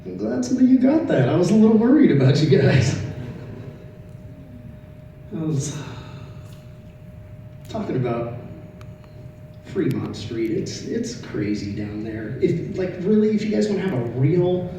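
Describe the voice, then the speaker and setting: Middle-aged comedian, echoey room. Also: male voice, on the high side, big pitch swings, measured pace, vocal fry, pauses often. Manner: conversational storytelling, swings from loud punchlines to quiet asides. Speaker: stand-up comedian. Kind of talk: stand-up comedy set. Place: comedy club stage. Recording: echoey room, distant mic, audible noise.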